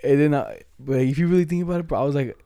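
A young man spins loose, profane stories among friends, full of slang and laughter. His voice is mellow and dark in tone. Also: a little high, very fast, creaky, no echo. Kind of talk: casual chat.

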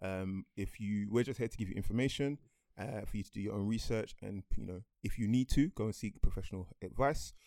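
A man's voice: lowish voice, a little fast, creaky, a little mellow, no room sound. A young man co-hosting a podcast, talking through a topic in a loose, conversational way. He explains at length and laughs easily. The recording is close and dry, with no room sound. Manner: chatty and explanatory, laughs often. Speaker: podcast co-host. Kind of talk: casual chat.

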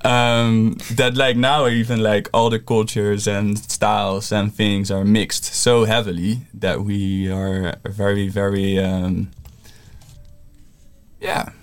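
Low-voiced man searching for words. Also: level tone, takes it slowly, clean tone. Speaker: guest. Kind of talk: casual chat.

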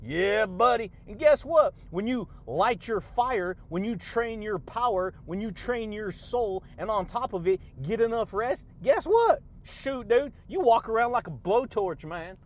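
A man hosting a motivational podcast, hyped and loud, shouting catchphrases and laughing often. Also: high-pitched, lively intonation, measured pace, hardly any pauses. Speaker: podcast host.

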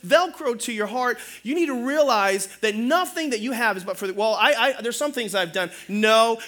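A middle-aged male pastor preaching a sermon in an animated, humorous way, calling out for amens. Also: sits high.

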